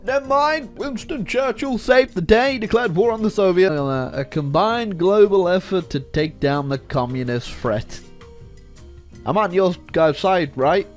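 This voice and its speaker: A man's voice: medium pitch, darkish tone. A man commentating a strategy game, joking sarcastically to his viewers, with many fillers and self-corrections. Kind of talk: video game let's-play commentary.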